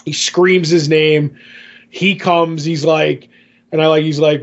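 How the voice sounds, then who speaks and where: A man's voice: a little high, level tone, unhurried, creaky, dull audio. A man co-hosting a podcast, recapping a comic in casual chat, rambling with lots of fillers and restarts. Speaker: podcast co-host.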